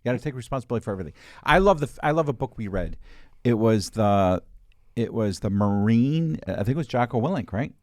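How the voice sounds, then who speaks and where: A man's voice: mid-range voice, animated, quick pace, a little mellow, no echo, studio quality. A man hosting a podcast in casual chat who jokes around and laughs often. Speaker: podcast host.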